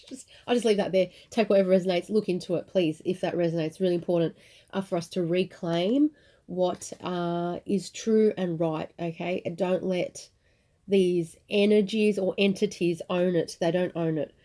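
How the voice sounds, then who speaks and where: A woman giving an intuitive tarot reading to camera, earnest and reassuring, often pausing and restarting as she searches for words. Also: fairly low pitch, steady tone, dark tone. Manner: searching, repetitive, speaks in halting restarts; earnest, reassuring, addresses viewers directly. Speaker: tarot reader.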